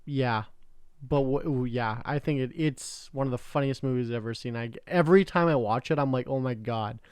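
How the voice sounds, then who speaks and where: Smooth-voiced young guy, casual chat. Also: mid-range voice, fairly quick, no echo, studio quality. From Canada. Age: young adult. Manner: rambling, laughing, swearing. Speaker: podcast co-host.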